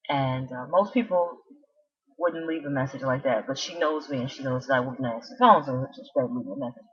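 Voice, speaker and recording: This vlogger has a bass voice with a fairly bright tone and speaks a little fast. In casual, rambling chat, she tells a meandering story with plenty of asides and restarts, all on a dull lo-fi recording.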